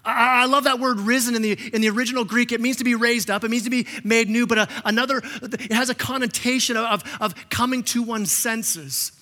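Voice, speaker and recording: A man preaching a sermon as pastor, impassioned, often repeating words and acting out quotes in a softer voice. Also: very high-pitched, fairly even intonation, a little fast, hardly any pauses. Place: church sanctuary. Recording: long reverb of a church hall.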